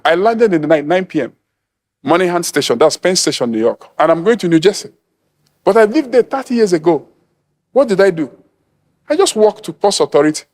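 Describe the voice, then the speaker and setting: A middle-aged man from Nigeria preaching an emphatic sermon, acting out quoted voices and laughing at his own points. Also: high-pitched. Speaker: apostle preaching.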